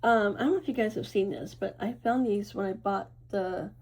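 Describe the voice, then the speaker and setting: Soft husky woman giving a tarot reading. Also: mid-range voice, a little fast, low-quality recording. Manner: reassuring, repeats "right?" and "okay?"; loose and chatty, with fillers and self-corrections. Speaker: tarot reader. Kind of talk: casual tarot reading to camera.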